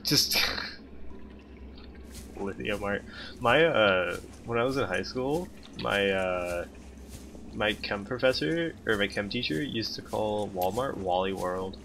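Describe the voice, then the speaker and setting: A young man with a lowish voice gives casual gameplay commentary. He talks straight to his chat in a dry, sarcastic tone. A steady noise hangs under the recording. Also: takes it slowly, gravelly. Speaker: game streamer.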